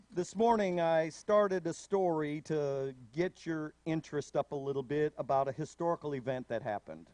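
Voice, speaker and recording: Male pastor, high voice, storytelling sermon delivery, dry close recording. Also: no echo. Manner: storytelling, animated asides.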